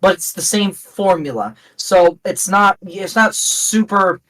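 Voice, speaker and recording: A man's voice: high voice, slow, a bit bright, distant mic, poor audio. A man co-hosting a casual game review podcast, talking enthusiastically and repeating himself as he makes his points. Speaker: podcast co-host.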